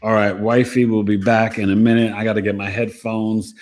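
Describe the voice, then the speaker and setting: A man with a deep, low voice hosts a relaxed livestream from home. He chats casually and playfully, tossing in slang and little rhymes. Now and then he slips into quick quoted voices to make a point. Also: a little hiss or hum. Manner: playful, slangy, rhyming asides. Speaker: astrology livestream host.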